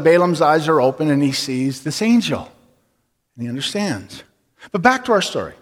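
A man preaching a sermon, telling a story casually and then slowing down and dropping low to stress his point. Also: fairly bright tone. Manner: storytelling, slows and drops low for emphasis. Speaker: pastor. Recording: long reverb of a large hall.

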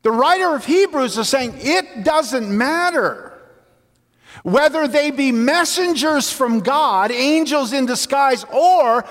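A man's voice: very high-pitched, expressive, a bit bright. A man preaching a sermon from the pulpit, telling stories and jokes to make his points. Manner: unhurried storytelling with jokes. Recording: long hall reverb.

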